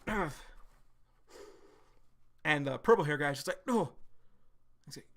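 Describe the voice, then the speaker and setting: A man streaming a live reaction to a comic, excitable and profane, rambling with lots of fillers. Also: fairly high pitch, measured pace.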